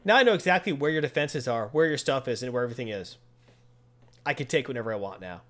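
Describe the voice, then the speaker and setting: Dude doing a teasing cat burglar lady from a comic, bright and lively. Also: mid-range voice, fast, lightly acted. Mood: smug. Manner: teasing, confident, drawling. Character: cool sly cat-burglar woman.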